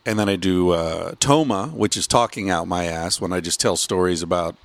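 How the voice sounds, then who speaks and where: A man appearing as a podcast guest, chatting in a relaxed way, laughing easily and pausing with many uhs. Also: sits low, vocal fry, no room sound. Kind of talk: casual chat.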